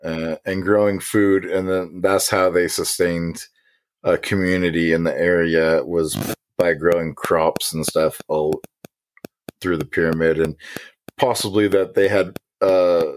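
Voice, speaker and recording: A man's voice: low voice, fairly even intonation, measured pace, no room sound. A man co-hosting a casual conspiracy podcast, rambling with many ums and restarts. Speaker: podcast co-host.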